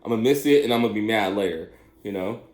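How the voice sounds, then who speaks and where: A middle-aged man talks in a loose, rambling monologue at a quick clip. He is animated and laughs often, and his voice carries a roomy echo. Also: on the low side. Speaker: speaker telling a personal story.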